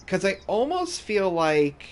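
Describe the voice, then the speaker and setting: A man's voice: high voice, big pitch swings, takes it slowly. Man thinking aloud over a city-builder. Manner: rambling, thinks aloud with restarts. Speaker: gaming YouTuber. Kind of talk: casual let's-play commentary.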